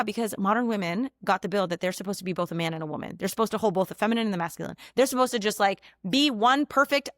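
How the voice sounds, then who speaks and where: A woman's voice: mid-range voice, a bit bright, dry recording, clean studio sound. A woman in her thirties hosting a podcast from home, talking in a chatty, heartfelt way with lots of "like". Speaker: podcast host and coach. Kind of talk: casual personal monologue. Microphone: desk mic.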